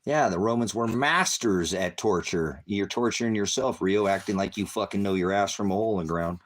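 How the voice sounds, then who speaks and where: Deep-voiced man ranting and cursing. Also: brisk. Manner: heavy cursing, insulting and berating; confrontational, talks to a commenter. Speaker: online preacher. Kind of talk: angry livestream rant.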